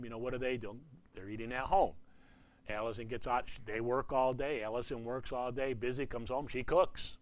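A man in his sixties, a pastor, preaching in a conversational way, peppering his talk with "you know" and dropping to a hushed voice for emphasis. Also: medium pitch, no echo. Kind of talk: sermon.

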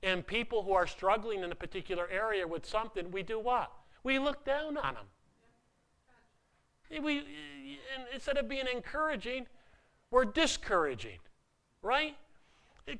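A man's voice: extremely high pitch, bright, forceful tone. A man preaching a sermon to a congregation in a loose, conversational way, often restarting his sentences and joking at his own expense. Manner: conversational, self-deprecating preaching with many repeated starts. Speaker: pastor.

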